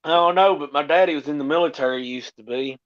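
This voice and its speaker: A man with a fairly high voice rambles through casual talk, blunt and coarse. His voice comes through a dull, lo-fi line that takes the edge off it. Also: quick pace. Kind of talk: casual chat. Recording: dull lo-fi sound.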